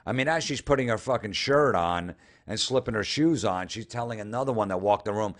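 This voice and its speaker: A man's voice: on the low side, brisk, hardly any pauses. A man doing comedic commentary as he reads social media posts aloud, sarcastic and incredulous, with frequent swearing. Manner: sarcastic, incredulous, profane ranting. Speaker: comedian host.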